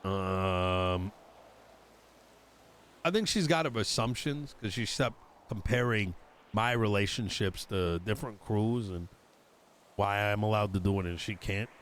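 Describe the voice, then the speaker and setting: Over a faint hiss or hum, a man with a lowish, fairly bright voice speaks unhurriedly, leaving long pauses. In character as a politician during an online roleplay, he swears in exasperation while recounting an argument and quoting the exchange.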